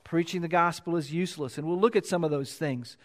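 A pastor preaching a sermon, reading scripture aloud and repeating key phrases for emphasis. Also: male voice, brisk. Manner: reads scripture louder and higher, then drops low to explain.

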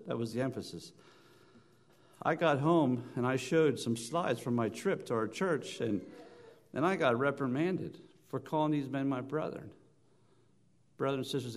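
Preacher man telling stories in a sermon. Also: mid-range voice. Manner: storytelling, rising loud on emphasis and dropping soft; halting restarts and repeated words. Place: church.

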